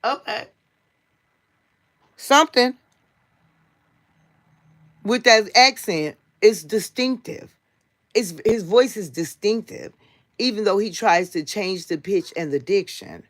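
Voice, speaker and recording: A woman's voice: medium pitch, takes it slowly, pauses often. An American woman hosting a casual livestream, talking straight to her viewers in a blunt, heated and profane way. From United States. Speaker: livestream host.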